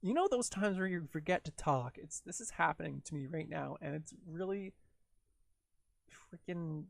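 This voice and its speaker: A man's voice: fairly high pitch, animated, normal speed, gravelly. A young man hosting a live stream, chatting casually and rambling in a giggly, self-deprecating way while he works.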